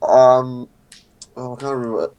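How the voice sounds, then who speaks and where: A man's voice: mid-range voice, measured pace, warm tone, clean tone, dull audio. Hesitant young man chatting. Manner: hesitant, restarts and loses his place. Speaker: podcast co-host. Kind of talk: casual chat.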